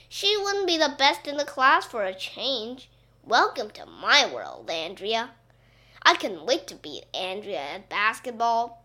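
Woman, children's storybook reading, playful, high voice, lively pitch. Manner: animated, playful, voicing a boy narrator. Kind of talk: expressive storybook read-aloud.

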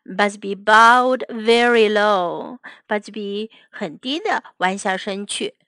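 A woman's voice: medium pitch, takes it slowly, fairly bright tone, clear, resonant tone, dry recording. A woman teacher reading a children's story aloud, each line in English and then in Chinese.

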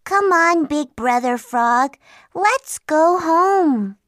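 A woman's voice: extremely high pitch, animated, very slow, a bit bright, dry recording, clean studio sound, exaggerated voice. A woman voicing a small, timid young male frog in a children's storybook, whiny and pleading. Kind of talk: storybook acting.

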